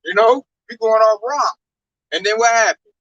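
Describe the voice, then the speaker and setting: A man in a casual religious talk, preaching in an animated, profane way. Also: high-pitched, moderate pace, no room sound, highs cut off. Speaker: religious talk show speaker.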